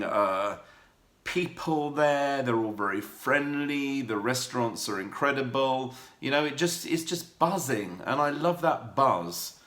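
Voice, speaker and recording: A man talking candidly to camera in a personal vlog, rambling warmly with fillers and restarts. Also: medium pitch, roomy sound. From United Kingdom. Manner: warm rambling talk with many fillers and restarts. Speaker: vlogger.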